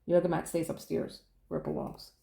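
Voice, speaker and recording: Woman, casual storyteller vlogging from home; animated retelling with laughs, room echo audible. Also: lowish voice, a little fast, vocal fry. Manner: chatty, acts out quoted dialogue, laughs often. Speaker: diamond painting vlogger.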